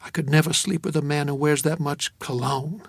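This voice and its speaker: A man voicing a soft-spoken young woman. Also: on the high side, steady tone, moderate pace, no echo, clean studio sound. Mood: teasing. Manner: soft, quiet, intimate. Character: anxious, tender young woman lover.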